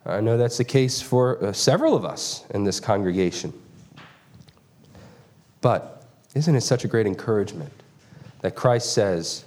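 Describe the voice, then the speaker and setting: A man's voice: medium pitch, animated, normal speed, long pauses, mellow. A middle-aged man, a pastor, preaching an expository sermon to his congregation and earnestly questioning his listeners directly.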